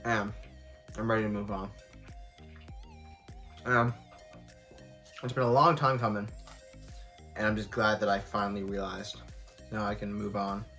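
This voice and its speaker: A man's voice: fairly low pitch, flat delivery, a little slow, pauses often, bright, forceful tone, faint music behind. A young man vlogging casually while eating, talking candidly and rambling with lots of fillers, sometimes with food in his mouth. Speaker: mukbang vlogger.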